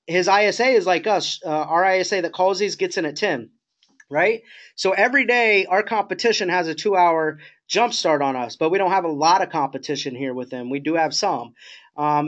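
A man coaching new sales agents on a group call, talking informally with many restarts and asides. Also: a little high. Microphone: conference call line.

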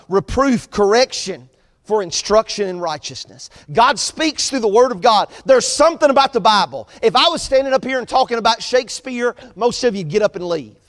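A man preaching an earnest sermon as pastor of his church, repeating his points in a steady preaching cadence. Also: high-pitched, long reverb tail. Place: church sanctuary.

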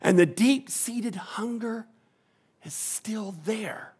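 A man preaching a sermon as pastor in a church, swinging from hushed, soft passages to loud, emphatic ones. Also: high voice, slow, slightly rough. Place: church sanctuary.

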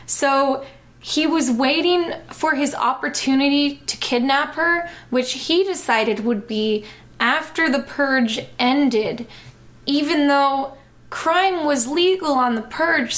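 A young woman hosting a comedic reading of fan fiction, with deadpan, sarcastic asides. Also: sits high, takes it slowly.

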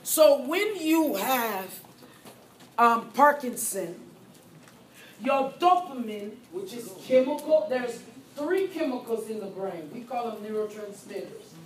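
Lady teaching nurses, kinda high, slow and drawn out, echoey room w faint hum. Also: animated. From Haiti. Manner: quizzes students with questions, repeats key points. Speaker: nursing exam instructor. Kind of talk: live classroom lecture. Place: classroom. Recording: echoey classroom with faint ambience.

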